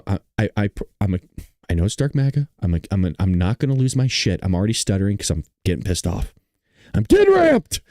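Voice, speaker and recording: A man's voice: fairly high pitch, no room sound, clean studio sound. Ranting, swearing male show host. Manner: loud, profane, ranting, mocking. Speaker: political commentary host. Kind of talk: reacting to a clip on a live show.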